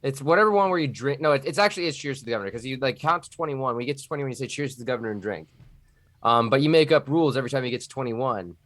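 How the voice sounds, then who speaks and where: A man's voice: medium pitch, lively intonation, rapid-fire, fairly bright tone, no echo. A man from Texas chatting loosely on a podcast, joking and sometimes sliding into a Texan drawl or a nerdy put-on voice. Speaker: podcast guest. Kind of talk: casual podcast chat.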